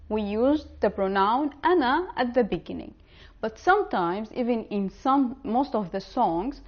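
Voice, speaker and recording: A woman with a fairly high voice gives an online language lesson. She speaks the example words slowly and carefully, as if for learners to repeat. The recording sounds a little dull and lo-fi. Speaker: language teacher.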